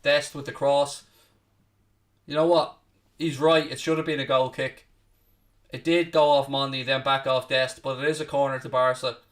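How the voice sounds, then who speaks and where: A man hosting a live football watchalong, commentating casually, swearing a little, mocking himself, and shouting out loud at big chances. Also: medium pitch, level tone, moderate pace, long pauses, distant mic. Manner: self-deprecating, swears casually. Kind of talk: live match commentary and chat with viewers.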